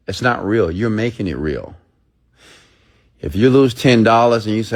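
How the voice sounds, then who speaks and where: Motivational speaker, man, low-ish voice, preachy and emphatic. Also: expressive, normal speed. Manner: preachy, emphatic, mimics listeners in high voices. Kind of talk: motivational monologue.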